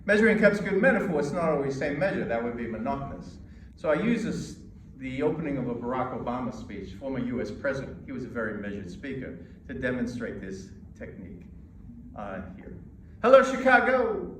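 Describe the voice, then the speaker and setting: An American man coaching an audience on presenting, emphatic and measured, pausing between points. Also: mid-range voice, expressive, recorded from a distance, noisy background. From United States. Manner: emphatic, with pauses and demonstrations. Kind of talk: lecture to a live audience. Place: lecture hall. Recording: echoey hall recorded from afar.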